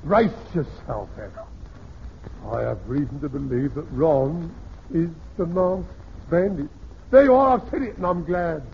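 A man's voice: a little high, slow, creaky, slight background noise. An actor playing a blustering, scheming older father in a radio sitcom, pompous and hammy in his delivery. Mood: conspiratorial. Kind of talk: vintage radio sitcom acting. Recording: dull lo-fi vintage radio recording.

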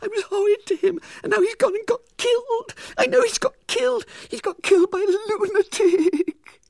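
A man voicing a tearful, lovestruck little girl with a high, wailing voice. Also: moderate pace, vocal fry, a little mellow, no echo, studio quality. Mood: sobbing.

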